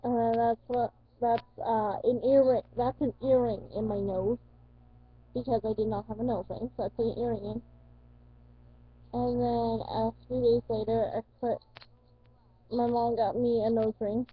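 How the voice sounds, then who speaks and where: A woman's voice: a little high, level tone, unhurried, slightly rough. A teenage woman vlogging in casual chat, rambling, correcting herself and swearing casually. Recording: dull lo-fi dry recording.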